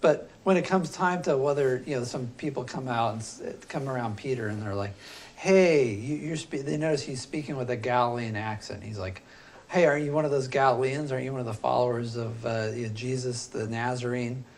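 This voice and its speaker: A man teaching a philosophy class, talking loosely and thinking aloud with frequent pauses and fillers. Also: medium pitch. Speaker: philosophy instructor. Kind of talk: classroom lecture.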